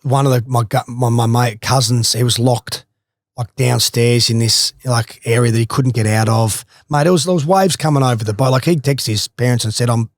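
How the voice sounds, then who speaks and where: A man's voice: mid-range voice, moderate pace, dry recording, clean studio sound. A man with an Australian accent, a former footballer, casually telling a swimming story with laughs and swearing. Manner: animated, swears freely, laughs through stories.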